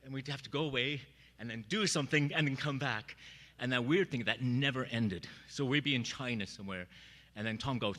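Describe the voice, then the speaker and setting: A middle-aged man speaking at a memorial, telling personal stories in an animated way and acting out the voices he quotes. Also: medium pitch, a little fast, in a large hall. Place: church sanctuary.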